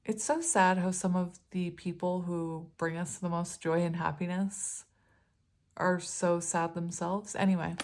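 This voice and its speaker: A chatty woman with a fairly low voice reads tarot cards aloud for her viewers. She rambles along with ums and self-corrections. She slips into giggles as she goes. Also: fairly even intonation, unhurried, a little mellow. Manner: chatty, often breaks into giggles. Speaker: tarot reader. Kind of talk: casual tarot reading to viewers.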